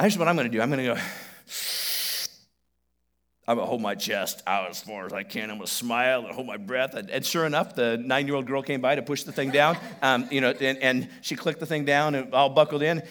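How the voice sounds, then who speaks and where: A middle-aged man preaching a sermon on a church stage, telling stories animatedly and swinging between loud bursts and hushed asides. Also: medium pitch, fast, hardly any pauses. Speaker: pastor. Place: church stage before a congregation.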